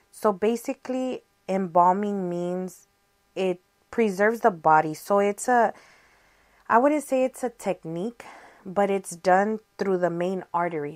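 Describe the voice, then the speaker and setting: Chatty young woman telling a story. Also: lowish voice. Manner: chatty, animated, acts out quoted dialogue. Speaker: podcast host. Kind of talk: casual storytelling.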